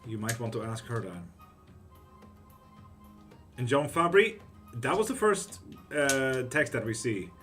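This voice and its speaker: A man's voice: medium pitch, big pitch swings, measured pace, pauses often, fairly bright tone, soft background music. A man hosting a casual livestream tarot reading who reads viewers' questions aloud and answers them bluntly, swearing freely.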